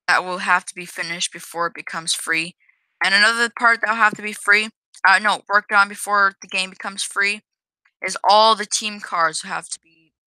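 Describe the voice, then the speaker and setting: Woman, casual gameplay commentary, hesitant, self-correcting, unhurried delivery, crisp tone. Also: medium pitch, sharp tone, dry recording, poor audio. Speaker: game developer showing own game.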